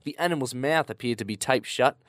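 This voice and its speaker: A man's voice: medium pitch, fairly quick, fairly bright tone, no echo, studio quality. A man co-hosting a podcast, reading out odd news stories and laughing along. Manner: good-humoured, laughs along, reads stories aloud.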